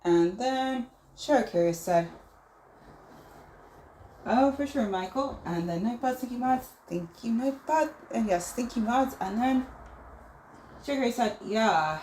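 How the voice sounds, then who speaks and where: Slow-talking woman streamer in a roomy space. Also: on the high side, expressive, a little mellow, a little hiss or hum. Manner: reads viewer messages aloud and muses on them. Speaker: livestream host. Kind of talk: casual livestream chat. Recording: roomy echo.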